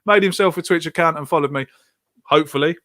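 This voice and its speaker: A man's voice: on the high side, quick pace, bright, forceful tone. A man hosting a live watch-along of a football match, reacting with frustration and reading out viewer comments. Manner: exasperated, reads viewer comments aloud. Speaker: podcast host streaming a match watch-along.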